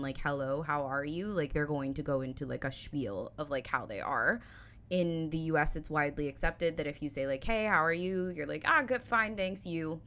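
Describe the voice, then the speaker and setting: A woman's voice: deep voice, a bit bright. An American woman in her thirties, chatting casually and full of fillers as she reacts to a video. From United States. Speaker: reaction channel host.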